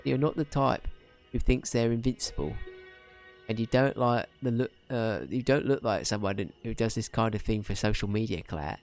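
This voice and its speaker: A man's voice: mid-range voice, normal speed, faint music behind, natural voice. A man voicing a cheerful, blunt adventurer in a put-on Cockney accent that slips toward Australian, in a live game playthrough. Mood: teasing. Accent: put-on Cockney, slipping toward Australian. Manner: brash, teasing, upbeat.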